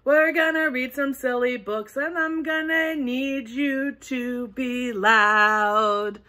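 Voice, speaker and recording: A woman's voice: sits high, fairly even intonation, slow, pushed and bright, faint music behind. A woman reading a picture book aloud to toddlers, with lots of gasps and sing-song calls for the children to join in. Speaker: children's storytime reader.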